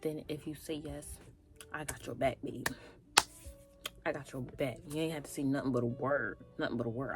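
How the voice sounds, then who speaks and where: A young woman with a low, warm voice reacts in animated, casual commentary, talking straight to her viewers. She often drops into breathy half-whispered asides, with faint music playing underneath. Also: brisk. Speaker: reaction vlogger.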